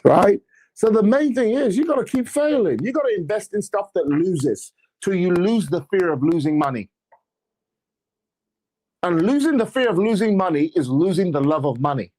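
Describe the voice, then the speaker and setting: A church leader and apostle with a voice that sits high speaks at normal speed in a motivational talk on faith and money. He preaches with energy and drops in sarcastic comments.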